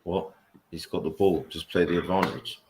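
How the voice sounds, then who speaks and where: Male co-host, very deep voice, tired grumbling commentary. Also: fairly even intonation, normal speed, noisy background. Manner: weary, grumbling. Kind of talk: casual live watchalong chat.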